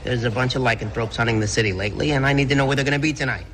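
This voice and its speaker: An actor playing a scheming gnome informant talking hurriedly into a phone in a TV clip, with faint background noise. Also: male voice, mid-range voice, rapid-fire, fairly bright tone, natural voice.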